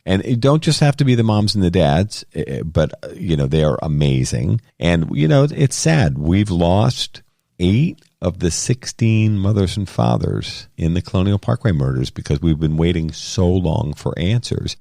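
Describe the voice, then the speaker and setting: A man's voice: low-pitched, very animated, normal speed, creaky, mellow, no room sound, clean studio sound. A middle-aged man co-hosting a podcast, talking in a casual, earnest and rambling way with frequent restarts. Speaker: podcast co-host. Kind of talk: casual conversation.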